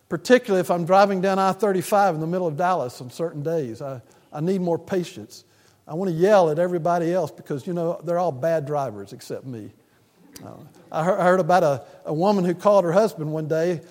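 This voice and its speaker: A man preaching a sermon, earnest and repetitive in his emphasis, with touches of gentle humor. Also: high voice. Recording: long reverb of a church hall.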